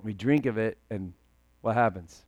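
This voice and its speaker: A male pastor preaching a casual, humorous sermon in a conversational, animated way, joking with the congregation. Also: on the low side, normal speed.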